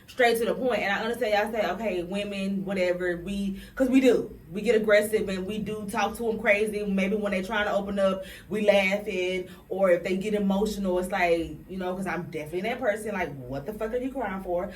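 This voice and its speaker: A woman co-hosting a casual podcast chat, blunt and animated, swearing freely. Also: medium pitch, brisk, few pauses, distant mic. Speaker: podcast co-host. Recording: roomy, from the mic, faint noise.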